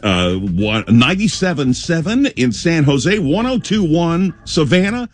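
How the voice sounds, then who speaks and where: Playful male radio host, lively pitch. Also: normal speed, soft background music. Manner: playful, laughs between lines, keeps it casual. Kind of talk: morning show banter.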